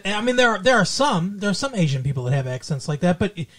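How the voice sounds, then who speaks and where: A man's voice: sits high, big pitch swings, fast talker. A man from Minnesota, co-hosting a podcast in casual chat, rambling with many restarts and fillers. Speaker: podcast co-host.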